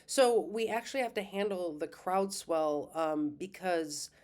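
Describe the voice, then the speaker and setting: A middle-aged woman astrologer talks in a loose, rambling monologue, full of fillers, self-corrections and the odd laugh. Her voice sits a little low for a woman. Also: measured pace, darkish tone. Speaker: astrologer and school host. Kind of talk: casual monologue.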